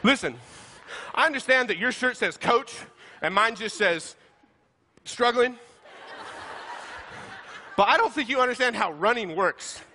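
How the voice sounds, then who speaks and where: Male pastor, bright and forceful tone, animated comic sermon storyteller. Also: very high-pitched, unhurried, long pauses, a little hiss or hum. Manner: animated, self-deprecating, laughs while talking.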